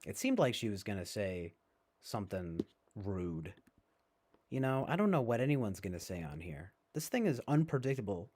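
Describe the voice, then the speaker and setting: A man's voice: fairly low pitch, big pitch swings, moderate pace, dark tone, breathy edge. A man rambling to his viewers in casual chat, sarcastic, swearing and laughing often. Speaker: streamer.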